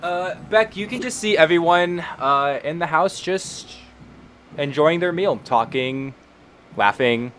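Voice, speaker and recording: A man running a tabletop game as game master, narrating scenes in a relaxed way with frequent fillers. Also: a little high, slow, slight background noise.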